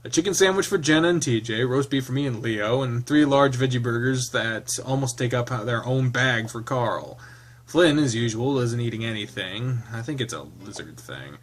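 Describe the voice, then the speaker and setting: Man, game streamer, reads a visual novel aloud, halting, laughs often. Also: medium pitch, expressive.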